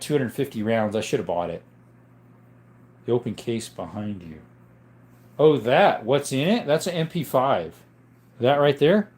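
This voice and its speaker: A medium-pitched man runs a casual live stream chat, saying hello to viewers, reading their questions aloud, and explaining things in a loose, rambling manner.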